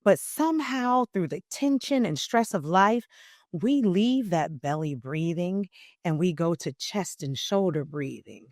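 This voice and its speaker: A woman voice coach explaining in an interview, teacherly and emphatic, swinging between loud and soft phrasing. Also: on the low side, animated, unhurried, no room sound, studio quality.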